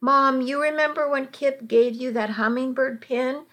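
A woman's voice: sits high, level tone, a bit bright, pitched above the performer's own voice. A woman reading as a pleading teenage girl. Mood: confessing. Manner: earnest, hurried pleading.

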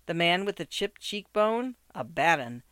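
Smooth-voiced male literary narrator. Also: high voice, no echo, clean studio sound. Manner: measured and expressive, with rhythmic phrasing. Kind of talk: scripted narration of a literary story.

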